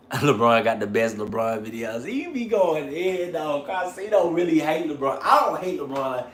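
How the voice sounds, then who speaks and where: Livestream host guy, slangy and cussing, kinda high voice, lots of ups and downs, echoey room, faint background hum. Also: normal speed. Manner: animated, slangy and profane, laughs often. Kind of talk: casual livestream chat about basketball.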